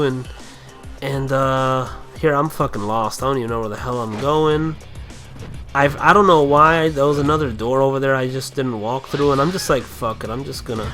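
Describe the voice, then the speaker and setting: A young man giving loose, profane gameplay commentary, rambling along and bursting into kung-fu yells. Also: mid-range voice, unhurried. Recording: faint game music behind.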